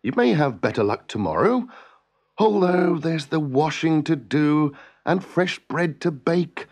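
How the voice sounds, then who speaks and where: A man voicing a calm, capable farm wife in a storybook reading, sweet and soothing. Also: a little high, measured pace.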